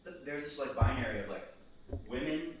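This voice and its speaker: A man's voice: mid-range voice, animated, a little fast. A man co-hosting a casual podcast chat, trading dry jokes with his co-host. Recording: echoey room with faint noise.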